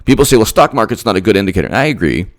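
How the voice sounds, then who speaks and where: A man with a low voice delivers a political rant. His pitch swings widely as he hammers points with repeated rhetorical questions. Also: very animated, very fast. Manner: emphatic, repetitive, rhetorical questions. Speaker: political commentator. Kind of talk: ranting political commentary.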